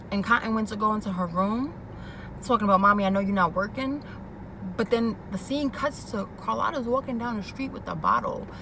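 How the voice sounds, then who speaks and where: Woman doing a sassy tv recap, noisy background with cars going by. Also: on the high side. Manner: animated, quoting characters and reacting with sass. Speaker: TV recap vlogger. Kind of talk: casual chat recapping a TV episode.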